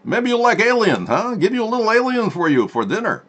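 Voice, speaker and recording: Man putting on a high, gloating Russian official. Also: big pitch swings, fairly quick, a bit bright, full character voice. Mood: taunting. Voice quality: broken English, gloating, laughing at his own jokes. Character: mocking male Russian official with heavy put-on accent.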